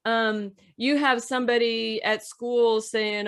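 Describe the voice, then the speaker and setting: A woman's voice: on the high side, measured pace. Emphatic woman hosting a podcast. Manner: emphatic, direct, advice-giving. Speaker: podcast host. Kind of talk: casual podcast discussion.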